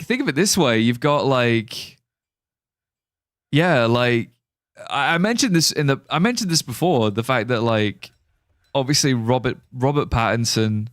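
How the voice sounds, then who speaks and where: Brief: British male streamer, animated and jokey, easy casual chat. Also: medium pitch, measured pace, pauses often, no echo, studio quality. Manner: chatty, joking, reads chat aloud. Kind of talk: casual live gameplay chat.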